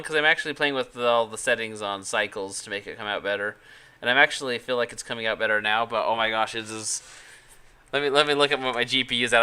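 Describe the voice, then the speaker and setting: A man's voice: lowish voice, pushed and bright, smooth. A man from Utah streaming live, chatting casually and thinking aloud with hesitant restarts as he works. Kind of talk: casual live-stream chat while working.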